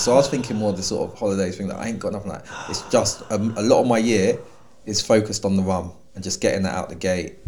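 A man, co-hosting a podcast in a relaxed, rambling chat with lots of fillers. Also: sits low, slight background noise. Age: 30s. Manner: laid-back, rambling with fillers and restarts. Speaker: podcast co-host. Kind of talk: casual chat.

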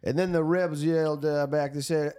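Comedy podcast guy, kinda high voice, rambly, keeps laughing and restarting. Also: fairly even intonation, normal speed, mellow, smooth. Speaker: podcast co-host. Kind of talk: casual comedic chat.

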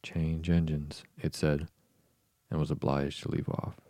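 A man narrating an audiobook in a measured, even way. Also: rumbling low, no room sound.

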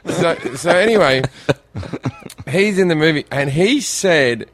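A man's voice: a little high, expressive, takes it slowly, a bit bright, a little hiss or hum. A middle-aged Australian man in casual podcast chat, a swearing, rambling storyteller who laughs often. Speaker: guest.

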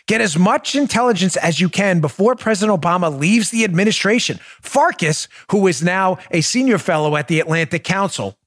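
A sarcastic male podcast host with a fairly high voice that swoops up and down. He sounds incredulous and mocking, and keeps turning to his producer as he goes. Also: expressive, brisk, hardly any pauses, a bit bright. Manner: talks to his producer on air. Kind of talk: political commentary.

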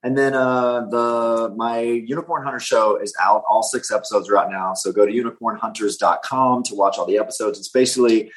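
A man's voice: mid-range voice, fairly even intonation, brisk, few pauses. A man on a podcast as a guest, easygoing and upbeat, chuckling as he promotes his shows. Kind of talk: casual chat and self-promotion.

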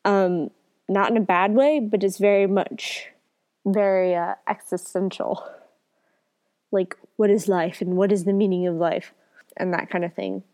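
A woman's voice: medium pitch, fairly even intonation, unhurried, a little mellow. A woman with a cold co-hosting a casual book podcast, rambling and correcting herself. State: has a cold. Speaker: podcast co-host. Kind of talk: casual book review chat.

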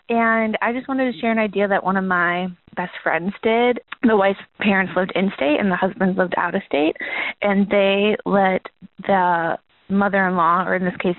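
Excited woman caller on a phone line. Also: medium pitch, no echo. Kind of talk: voicemail message.

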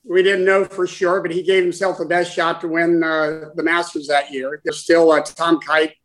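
A man in his sixties, a guest, telling a personal story in conversation in a halting, heartfelt way with many restarts. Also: on the high side, little pitch movement, a bit bright, poor audio. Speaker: guest, former caddie for his father.

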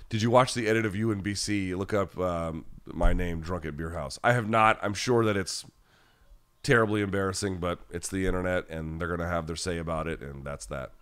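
A man's voice: deep voice, a little fast, a bit bright, clear, resonant tone. A man hosting a podcast live chat, answering viewers in a blunt, rambling, casual way with many restarts.

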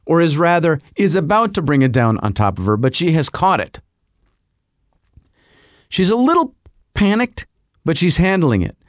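A man's voice: a little high, clean tone, no echo, clean studio sound. A middle-aged man hosting a podcast, telling a rambling comic story and putting on voices. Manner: rambling, animated, puts on voices. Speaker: podcast host.

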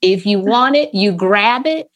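A woman therapist speaking as a podcast guest, animated and laughing often, acting out the phrases she quotes. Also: mid-range voice, a little slow. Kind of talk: casual podcast interview.

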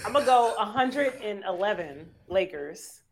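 A woman's voice: medium pitch, animated, normal speed, slight background noise. A woman guesting on a casual sports podcast, playful and often giggling.

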